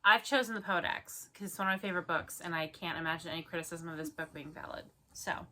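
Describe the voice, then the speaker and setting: A woman's voice: fairly low pitch, quick pace, hardly any pauses, sharp tone. A young woman co-hosting a casual chat, reading bad reviews aloud with sarcastic, mock-indignant remarks.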